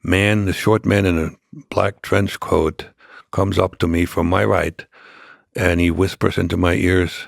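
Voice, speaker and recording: An older man, a podcast guest, telling a long story in a halting way with many restarts. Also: low-pitched, level tone, gravelly, dry recording, clean studio sound. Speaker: interview guest.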